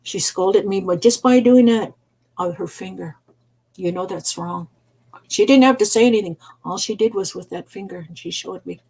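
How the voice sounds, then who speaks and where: An older woman, an elder storyteller, teaching gently in a soft, unhurried way and repeating phrases for emphasis. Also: medium pitch, breathy edge, poor audio.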